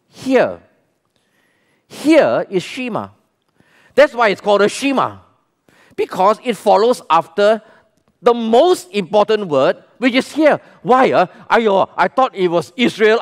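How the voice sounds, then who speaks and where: A man with a Malaysian English accent preaching a sermon as pastor to a church congregation, emphatic and full of questions to the people. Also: sits high. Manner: emphatic, asks questions and calls the congregation to respond.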